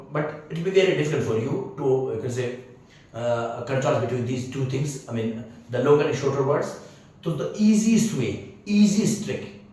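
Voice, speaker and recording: A man's voice: medium pitch, darkish tone. A man teaching English grammar, hesitant with many fillers, often repeating phrases, spelling words out letter by letter and checking whether the class has understood. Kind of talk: spoken grammar lesson. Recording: very echoey room, distant mic.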